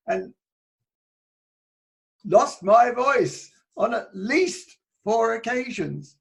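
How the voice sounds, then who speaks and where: A man giving a reflective talk on public speaking as a coach, talking conversationally and shifting between loud and soft. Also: very high voice, animated, drawn-out words, vocal fry, long pauses.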